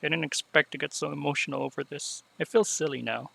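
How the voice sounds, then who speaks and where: A man reading aloud the lines of a remorseful young female unicorn showmare from a game, in a soft, subdued voice. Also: a little high, fairly even intonation, fast, vocal fry, dry recording, heavily acted, poor audio.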